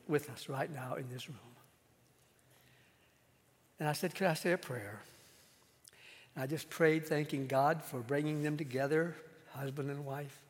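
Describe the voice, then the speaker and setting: Man pastor telling a story in a sermon, kinda high voice, chatty with quiet asides, long hall echo. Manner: conversational, with pauses and quiet asides.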